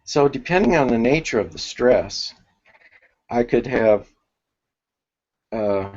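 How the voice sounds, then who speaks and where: A man teaches a spiritual workshop at an unhurried, deliberate pace, often stopping to restart his sentences as he thinks aloud. His voice sits at an ordinary middle pitch. The recording is muffled and lo-fi. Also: lively intonation, a little mellow.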